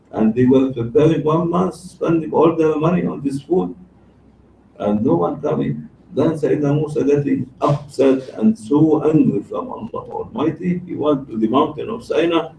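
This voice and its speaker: A man as a Sufi sheikh telling a story in a sermon, halting, with fillers and restarts. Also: a little high, creaky, warm tone. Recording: roomy, distant mic, faint background noise.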